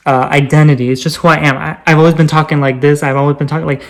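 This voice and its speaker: A man's voice: on the high side, level tone, very fast, vocal fry. Light-voiced chatty man vlogging. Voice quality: light voice others call girlish. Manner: rambling, filler-heavy, playful. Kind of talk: casual chatty vlog.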